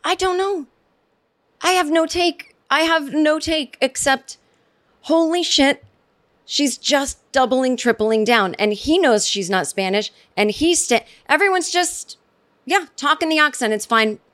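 A woman's voice: high voice, lively intonation, unhurried, a bit bright. A woman hosting her own comedy podcast, talking solo in a rambling, sarcastic way with many restarts and asides. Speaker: podcast host.

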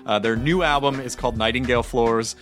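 A man's voice: medium pitch, fairly even intonation, fairly quick, fairly bright tone, soft background music. A man hosting a podcast, reading ads and chatting casually, with plenty of "uh" fillers. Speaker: podcast host. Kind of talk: casual podcast chat and ad reads.

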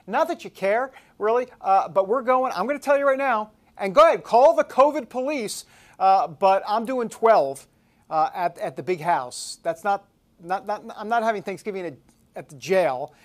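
A man from New York hosting a talk show, joking and rambling, swinging between loud and soft. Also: sits high, animated, normal speed.

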